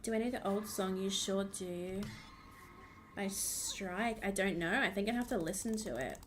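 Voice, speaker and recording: A woman's voice: mid-range voice, measured pace, a little hiss or hum. A woman streaming a game, chatting casually and bubbly with her viewers. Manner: bubbly, thanks viewers, gasps and squeals. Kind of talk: casual livestream chat while gaming.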